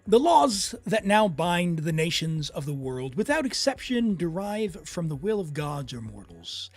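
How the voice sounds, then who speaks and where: A man doing a put-on narration voice, reading grand lore slowly and dramatically. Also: a little high, very animated, soft background music, full character voice. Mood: solemn. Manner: slow, measured, dramatic recitation. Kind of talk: dramatic read-aloud of game text.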